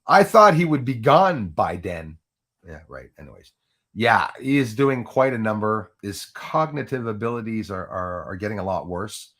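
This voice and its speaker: A man's voice: on the low side, a bit bright. A man hosting a live stream in a rambling, casual way, often restarting and laughing at his own jokes, into a USB microphone at home. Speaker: livestream host. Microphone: Yeti USB microphone.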